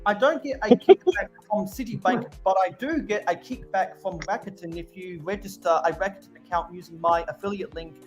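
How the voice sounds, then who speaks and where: A man's voice: sits high, a little fast, few pauses, faint music behind. A man hosting a building live stream, talking in casual chat with frequent stammering restarts.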